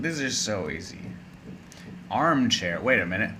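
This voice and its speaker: A man's voice: fairly low pitch, sing-song, normal speed, bright, forceful tone, slight background noise. A man teaching an English lesson in a casual, playful, chatty way, with spoken asides.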